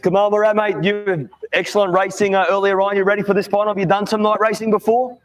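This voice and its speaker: He's a grid announcer at a night kart race, quick-paced and high-pitched with a level tone, putting questions to young drivers. Everyone is mate to him, and he stays upbeat and chummy throughout.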